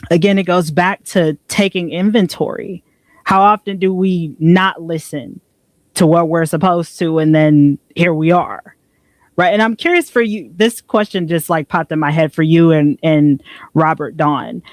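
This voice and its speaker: A woman co-hosts a reflective motivational podcast chat, speaking earnestly and often tagging her remarks with "right?". Her voice is on the low side, and the sound is dry and close with no echo.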